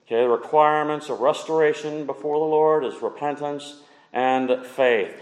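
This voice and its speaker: A male preacher with a fairly high voice delivers an emphatic sermon, repeating key phrases and swinging between loud and hushed. His voice rings out in a roomy hall with a long reverb tail. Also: moderate pace.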